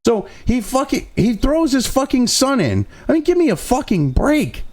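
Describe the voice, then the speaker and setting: A man's voice: very high-pitched, wildly swooping pitch, normal speed, a little mellow. A middle-aged man hosting a political commentary show, ranting angrily and sarcastically with constant profanity. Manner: angry, profanity-laden, sarcastic.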